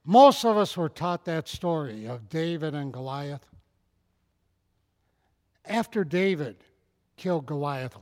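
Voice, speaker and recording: A man preaching a sermon in a folksy, conversational way that rises into fervent, loud passages. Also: fairly high pitch, lively intonation, slow, pauses often, in a large hall.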